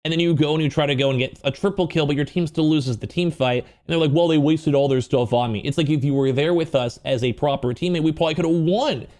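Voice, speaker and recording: A man's voice: on the high side, fast talker, hardly any pauses, darkish tone. A man hosting casual drama commentary, talking in a rambling, emphatic way full of fillers.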